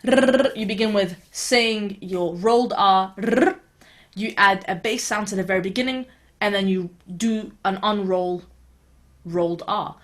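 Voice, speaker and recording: Unhurried and mid-range, a woman's voice walks viewers through a casual beatboxing tutorial online. She uses a few fillers, sounds easygoing, and holds a steady, encouraging tone as she reassures those learning.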